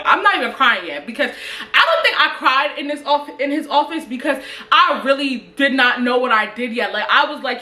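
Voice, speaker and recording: A woman telling a storytime vlog story in an animated, profane way, laughing often. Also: a little high, fairly quick. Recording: echoey room.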